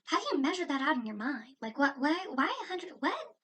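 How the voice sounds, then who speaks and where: A young woman in her late teens, chatting casually in a home reaction vlog, telling a story with animated exasperation. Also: high voice, a little fast, slight background noise. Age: young adult. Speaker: vlogger. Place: indoors at home.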